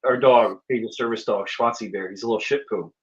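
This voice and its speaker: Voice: medium pitch, fairly even intonation, brisk, muffled recording. A guest chatting casually on a call, telling stories tenderly and getting choked up at times. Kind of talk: casual video-call chat.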